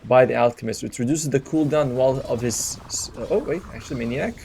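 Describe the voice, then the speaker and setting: A man giving chatty, analytical color commentary on an esports match, breaking into quick reactions. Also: medium pitch, gravelly, a little mellow, a little hiss or hum. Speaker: esports co-caster.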